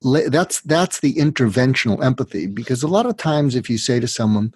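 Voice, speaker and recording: A man with a husky, slightly breathy voice walks through his method as a psychiatrist being interviewed. He builds it up step by step and sometimes slips into the words a distressed patient might use. The sound is dry and close, with no room around it. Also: medium pitch, expressive, fairly quick, darkish tone, dry recording. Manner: teaching step by step, acts out what a patient would say. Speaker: psychiatrist guest. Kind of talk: explanatory interview talk.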